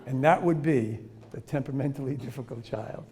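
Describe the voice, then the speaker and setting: A man's voice: mid-range voice, fairly quick, a little mellow. A man giving a humorous lecture to teachers on children's behavior, joking, laughing often and acting out examples.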